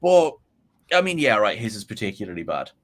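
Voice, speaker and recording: Lively-voiced Irish man chatting. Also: fairly low pitch, brisk. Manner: rambling, many restarts and asides. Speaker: guest co-host. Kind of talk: casual podcast chat.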